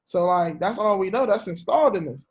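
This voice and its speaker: A man's voice: sits high, expressive, fairly quick. A man hosting a podcast, asking long, loose questions with many fillers in a casual way. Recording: dull lo-fi recording.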